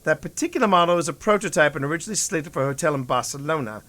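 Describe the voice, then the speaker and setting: A man voicing a sharp, dismissive older wife who chides in a low, dry tone. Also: lively intonation, racing. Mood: chiding.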